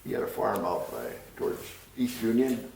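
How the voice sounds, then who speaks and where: A man's voice: on the low side, sing-song, normal speed, creaky, a crowd in the background. An older man reminiscing in an oral history interview, rambling and chuckling as he tells stories. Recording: roomy room, distant mic.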